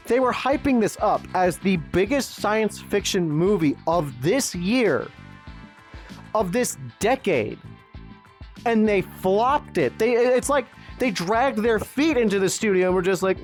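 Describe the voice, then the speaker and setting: A man's voice: sits high, very animated, measured pace, faint music behind. A man giving an angry, profane film review rant, exasperated and sarcastic.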